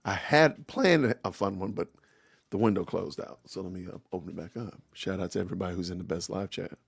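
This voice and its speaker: A man's voice: deep voice, brisk, vocal fry, husky, no room sound. A man hosting a podcast livestream, chatting casually in an easygoing way with many fillers, close to his streaming mic. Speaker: podcast host.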